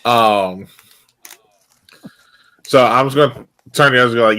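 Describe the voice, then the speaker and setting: A man's voice: medium pitch, moderate pace, pauses often, sharp tone. A man playing in a tabletop game, joking and walking through his character's actions step by step. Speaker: player. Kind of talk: casual play talk in a tabletop game.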